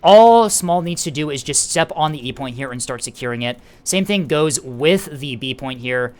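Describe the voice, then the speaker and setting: Excitable male game caster. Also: a little high, moderate pace. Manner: excitable, rises sharply in tense moments. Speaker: esports caster. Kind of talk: play-by-play game commentary.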